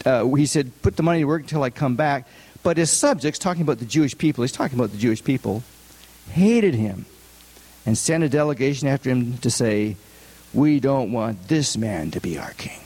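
A man's voice: mid-range voice, a little mellow. A man giving a conversational sermon, often asking his listeners rhetorical questions. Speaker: preacher. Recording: long hall reverb.

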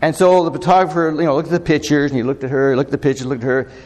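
Higher-voiced male pastor in an echoing hall. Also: level tone, very fast, a little mellow. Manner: conversational, questions the congregation often, many fillers. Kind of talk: sermon. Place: church sanctuary. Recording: long echo of a large hall.

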